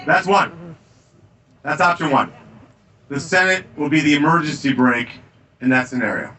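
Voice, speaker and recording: Man, campaign stump speech, energetic and emphatic, forceful voice, distant mic in a tavern. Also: on the high side, normal speed. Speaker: political candidate. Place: tavern, indoors.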